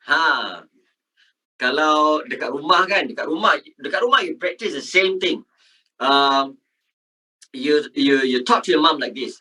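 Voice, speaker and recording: A Malaysian man teaching English in a live online class, mixing Malay and English, animated, with soft asides and loud emphatic calls. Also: on the high side, moderate pace, recorded from a distance.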